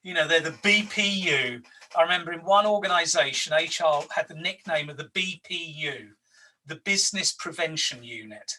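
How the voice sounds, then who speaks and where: A man in his sixties leads an HR workshop in a bright, fairly high voice. He tells anecdotes and hammers his points home by repeating his words. He sits some way from the mic, as on a video call. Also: animated, moderate pace, recorded from a distance, a little hiss or hum, rough recording. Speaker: HR coach.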